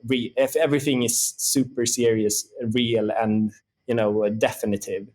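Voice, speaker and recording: A man's voice: mid-range voice, little pitch movement, a little slow, a little mellow. A man in his thirties, a startup co-founder, talking casually as an interview guest, with lots of fillers and restarts. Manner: rambling, many fillers and restarts.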